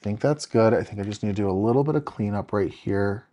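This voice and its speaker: A man's voice: fairly low pitch, fast, mellow. A young man, chatting upbeat to viewers as he shows card-making on a live stream. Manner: chatty, upbeat, talks to viewers by name while working. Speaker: card-making tutorial host. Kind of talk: live-stream crafting demo.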